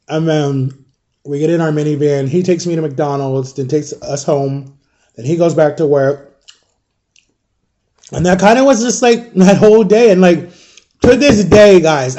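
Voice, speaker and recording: The sound is lo-fi, carrying a mellow voice on the high side from a man in his thirties. As a vlogger eating on camera, he wanders through a long personal story, leaning on fillers and speaking directly to his viewers as "guys."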